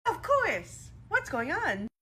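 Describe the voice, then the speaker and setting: A woman's voice: very high-pitched, huge pitch swings, slow pace, sharp tone. A woman who made the skit narrates its wrap-up in a wry, playful way. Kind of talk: comedic narration.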